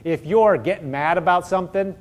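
Male preacher, high voice, earnest conversational teaching, heavy on rhetorical questions. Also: fairly quick.

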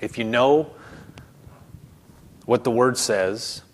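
A man's voice: mid-range voice, takes it slowly. A man preaching a sermon in a conversational way, stumbling over repeated words and acting out quoted voices. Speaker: pastor.

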